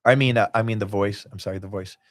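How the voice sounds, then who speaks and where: Talking fast in a lowish, fairly even voice, the man is a basketball team owner guesting on a relaxed podcast. His stories ramble across tangents, and he acts out the things people told him.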